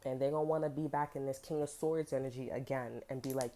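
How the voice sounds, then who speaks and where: A woman's voice: extremely low pitch, fairly even intonation, fast, few pauses, warm tone. A woman giving a casual tarot reading, blunt and profane, full of emphatic slang. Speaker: tarot reader.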